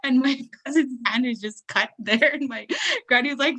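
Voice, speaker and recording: A young adult woman telling funny family stories as a guest storyteller at a live event, animated and laughing often. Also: fairly high pitch, normal speed. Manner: animated, laughs often, acts out family members in raised voices.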